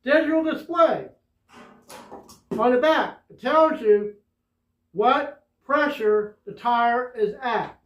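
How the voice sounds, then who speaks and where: A man's voice: very high voice, takes it slowly, pauses often, distant mic. A man doing a casual, rambling tool demo with lots of fillers and restarts. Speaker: tool reviewer. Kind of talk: casual product demo vlog. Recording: roomy, dull sound from away from the mic.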